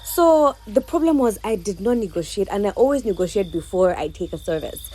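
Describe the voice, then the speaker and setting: A woman's voice: medium pitch, expressive, brisk, dark tone, a little hiss or hum, rough recording. A young woman from Uganda, chatting animatedly to viewers as a travel vlogger over background music. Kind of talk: casual travel vlog narration.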